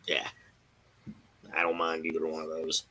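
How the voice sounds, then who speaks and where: A man's voice: extremely low pitch, completely flat delivery, normal speed, sharp tone. A man chatting casually on a live stream, giving short easygoing replies.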